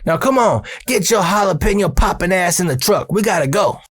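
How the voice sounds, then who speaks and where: A man voicing his old construction boss, a crude, heavyset man who cracks mocking jokes at his crew in a gruff, wisecracking way. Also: high voice, lively intonation, brisk, dry recording, pitched above the performer's own voice. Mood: teasing.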